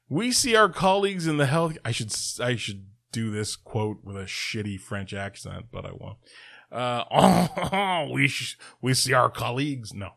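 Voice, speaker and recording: Casual male news-commentary host, wry and profane, animated pitch. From Canada. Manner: sarcastic asides, profane, chuckling. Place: Toronto.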